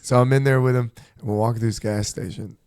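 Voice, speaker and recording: A young man hosts a loose conversation, spinning animated anecdotes. He laughs often and swears freely as he tells them. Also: mid-range voice, fast talker, clear, resonant tone, no echo, clean studio sound. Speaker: host. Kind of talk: casual storytelling chat.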